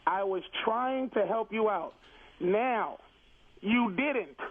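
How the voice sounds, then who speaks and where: A man on a phone call into a radio show presses his version of events, retelling it again and again. His pitch runs fairly high, and the line is narrow and tinny. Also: expressive, slow, crowd noise. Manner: insistent storyteller, keeps retelling and interrupting. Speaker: comedian calling in. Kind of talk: heated radio argument.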